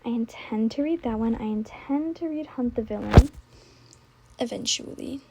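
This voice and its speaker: A young woman in casual, scattered chat, often trailing off, restarting and dropping to soft asides. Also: on the high side, moderate pace, gravelly, slight background noise. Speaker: book vlogger. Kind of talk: casual rambling chat while gaming.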